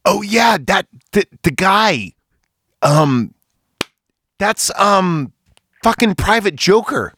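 A man's voice: sits high, sing-song, slow, long pauses, fairly bright tone, dry recording. A man hosting a podcast, giving a casual and enthusiastic movie review, rambling and swearing freely. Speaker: podcast host.

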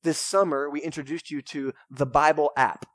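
A young man, preaching a sermon in a casual, energetic way with lots of "right?" and "man". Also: fairly high pitch, normal speed, dry recording. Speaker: pastor. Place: church sanctuary.

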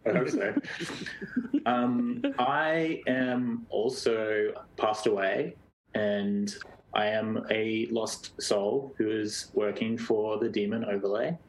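A man playing a tabletop game over a video call, talking in a dry, halting way. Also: lowish voice, vocal fry, slight background noise, poor audio. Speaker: player.

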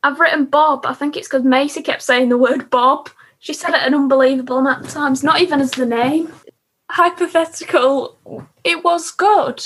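A young woman co-hosting a podcast, chatty and quick as she recaps an episode with laughs. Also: high-pitched, steady tone, a bit bright, a little hiss or hum. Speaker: podcast co-host. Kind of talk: casual chat.

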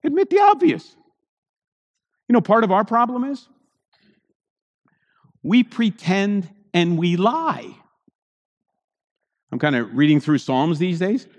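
Male pastor with a high voice, conversational sermon full of rhetorical questions to the congregation, long hall reverb. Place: church.

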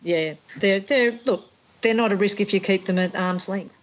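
A woman's voice: medium pitch, normal speed, poor audio. A woman, a traveller and guest, chatting casually with dry, witty remarks. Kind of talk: casual podcast chat.

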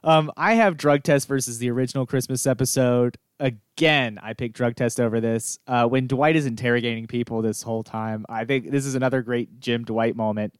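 A man with a smooth, clear voice talks in a relaxed, easygoing way and laughs often. The recording is dry and close, with no room sound. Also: medium pitch, brisk, few pauses, no room sound. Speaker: podcast co-host. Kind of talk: casual chat.

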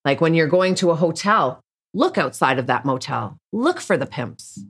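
A woman's voice: sits low, very animated, normal speed, slightly rough. A woman speaking candidly as an interview guest, bluntly and with frequent restarts. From Canada. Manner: blunt, rambling, many restarts. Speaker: podcast guest.

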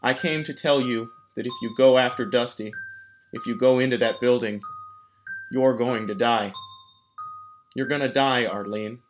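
A man's voice: mid-range voice, normal speed, long pauses, close to an everyday voice. A man reading a sorrowful ghost mother. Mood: pleading. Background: background music.

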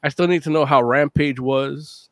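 Brief: eager male co-host, high and bright, in a dry, close sound. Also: normal speed, no echo. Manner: eager fan enthusiasm. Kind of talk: casual chat.

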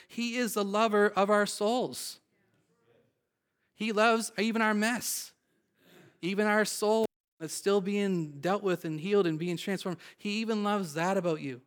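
Man preaching a fervent sermon. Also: on the high side. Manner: preaching with rising emphasis, calling out to the congregation. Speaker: pastor.

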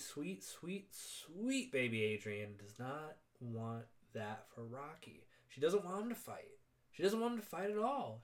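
A man casually recapping a movie with a co-host, swearing a lot and acting out the characters' lines. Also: on the high side. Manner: excitable, profane, acts out quotes. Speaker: podcast co-host.

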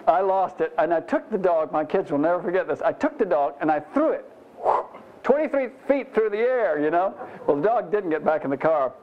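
A man's voice: on the high side, brisk, hardly any pauses. A man preaching a conversational Bible teaching sermon, folksy and self-deprecating, with frequent "you know" asides. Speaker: pastor. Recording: muffled lo-fi sermon recording.

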